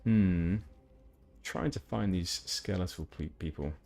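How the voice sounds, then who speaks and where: A man's voice: deep voice, slow pace, gravelly, darkish tone. A young man from Hampshire, England, chatting casually with viewers while streaming a game, rambling with many fillers and restarts. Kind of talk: casual gameplay chat with viewers.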